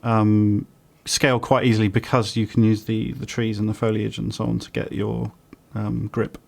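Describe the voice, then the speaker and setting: A British man running a tabletop game as dungeon master, relaxed and chatty with lots of ums and easy laughs. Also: fairly low pitch, normal speed, creaky.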